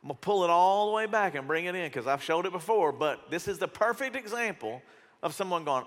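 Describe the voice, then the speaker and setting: Lively fifty-something pastor preaching. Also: male voice, sits high, fairly quick. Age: 50s. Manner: conversational, acts out quotes, direct. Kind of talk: sermon. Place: church hall. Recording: echoey church hall.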